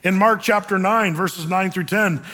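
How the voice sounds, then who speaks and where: Male pastor, high and bright, delivering an emphatic conversational sermon, reverberant hall. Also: a little slow. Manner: emphatic, conversational preaching with acted-out quotes.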